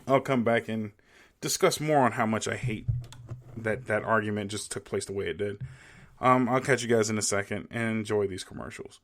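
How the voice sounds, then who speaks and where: A man's voice: fairly low pitch, a bit bright. A young man hosting a solo podcast, ranting casually and emphatically with plenty of swearing. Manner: profane, emphatic, ranting with laughs. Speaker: podcast host. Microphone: home podcast mic.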